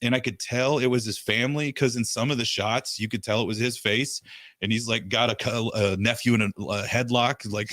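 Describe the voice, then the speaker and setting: A man's voice: mid-range voice, sharp tone, dry recording, clean studio sound. Profane rambling storyteller man. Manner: rambling, profane, does quick impressions of people in stories. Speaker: podcast host. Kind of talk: casual storytelling chat.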